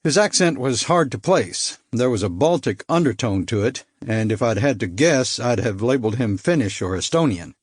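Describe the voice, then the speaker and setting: A man reads a first-person thriller in a measured, dry manner, at a middle pitch. The recording is close and dead, with no room sound around the voice. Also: animated, breathy edge, no echo. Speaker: audiobook narrator.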